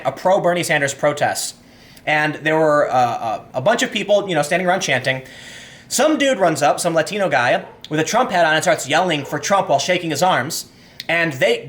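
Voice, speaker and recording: High-pitched man ranting in a commentary monologue. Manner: animated, acts out quoted people in his story; reads news quotes aloud between rants. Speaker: commentary host.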